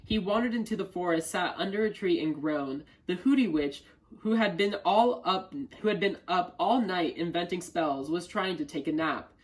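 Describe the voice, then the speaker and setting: A young man reading a children's picture book aloud with careful, even delivery and the odd small stumble. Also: high-pitched, normal speed, rough recording. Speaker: volunteer reader.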